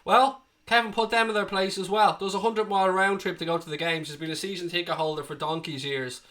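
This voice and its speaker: A man's voice: high-pitched, fairly even intonation, fast talker, fairly bright tone. A man hosting a live fan stream, reading viewer comments, passionate and ranting, swearing freely, with a slight tickly cough. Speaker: fan channel host.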